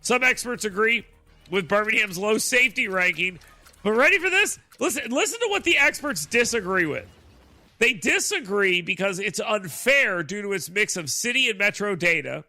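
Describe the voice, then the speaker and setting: A man hosting a talk radio show, opinionated and sarcastic, mocking with animated asides. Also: sits high, normal speed, no echo, faint music behind.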